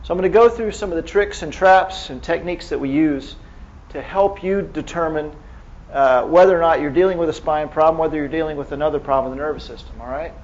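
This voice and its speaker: Man lecturing medical audience, somewhat high voice. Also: fast talker, a little mellow, lo-fi sound. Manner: conversational, quizzes the audience, many restarts. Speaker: neurohospitalist lecturer.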